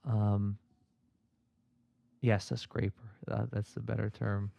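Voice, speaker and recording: A man's voice: fairly low pitch, little pitch movement, takes it slowly, vocal fry, dark tone, no room sound, highs cut off. A man talking as a podcast guest in casual chat, hesitant and self-deprecating, with frequent restarts.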